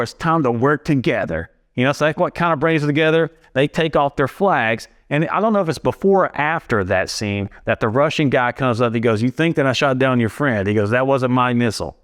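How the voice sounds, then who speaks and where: A man co-hosting a podcast, retelling film scenes in a rambling way full of "you know". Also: on the high side. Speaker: podcast co-host. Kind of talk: casual film recap chat.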